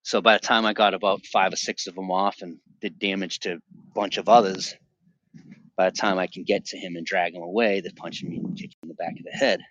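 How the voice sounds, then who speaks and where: A man's voice: deep voice, fairly even intonation, fast talker, a bit bright, no room sound, highs cut off. A man in his forties from the Boston area, a podcast guest telling his personal testimony in an intense, emphatic way with frequent restarts. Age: 40s.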